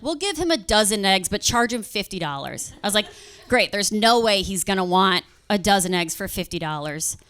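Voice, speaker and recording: A young woman doing stand-up comedy on stage in front of a live audience. She tells a story and acts out customers and bosses in quick quoted voices. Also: mid-range voice, fairly bright tone.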